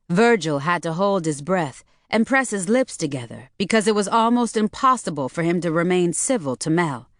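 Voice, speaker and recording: A woman reads a novel aloud in a steady, measured manner, her voice low for a woman. The recording is close and dry with no room sound. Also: no room sound. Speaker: audiobook narrator. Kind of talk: scripted narration.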